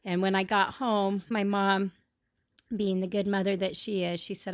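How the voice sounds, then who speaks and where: A woman telling a personal childhood story to her family in an earnest, heartfelt, unhurried way. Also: medium pitch, level tone.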